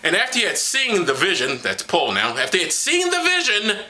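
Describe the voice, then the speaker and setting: A man's voice: high-pitched, wildly swooping pitch, brisk, bright, forceful tone. A man giving an irreverent comedic reading to a camera, stumbling over words and swearing in mocking asides. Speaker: comedic Bible reader.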